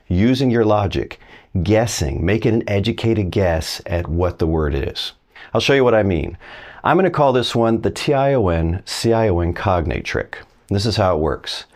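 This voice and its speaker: A middle-aged man with a very low, deep voice teaches a language lesson on video. He talks straight to the viewer, folksy and encouraging, walking them through each step. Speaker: Spanish teacher.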